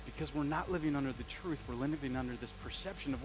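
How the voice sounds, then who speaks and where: A man preaching a sermon as pastor, conversational and animated, asking the congregation questions and dropping into casual slang. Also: mid-range voice, fast talker, background noise. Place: church sanctuary.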